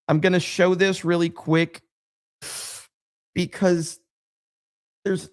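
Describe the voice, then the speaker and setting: A man's voice: high voice, little pitch movement, takes it slowly, pauses often, smooth, no room sound, clean studio sound. Sarcastic rambling male livestream host. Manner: rambling, sarcastic, talks to chat. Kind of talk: casual livestream commentary.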